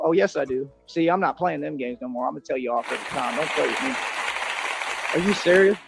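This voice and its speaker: A man's voice: a little high, brisk, vocal fry, faint music behind, a faint crowd. A man in a played video ranting defiantly and boastfully in street slang. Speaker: self-styled independent detective in a played video.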